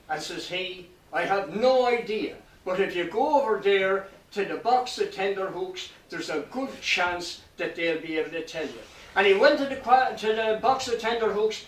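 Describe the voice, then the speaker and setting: A man's voice: high voice, a bit bright, a little hiss or hum. A man telling a tall folk tale to a live audience in a lilting storytelling manner, giving voices to the characters he meets. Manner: lilting nonsense-tale delivery with voiced exchanges. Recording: echoey hall recorded from a distance.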